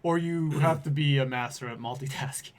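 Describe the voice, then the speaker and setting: A man's voice: mid-range voice, a little fast, a crowd in the background. A man co-hosting a casual games podcast, giving blunt opinions and talking over the others. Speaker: podcast co-host. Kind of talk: casual chat about games.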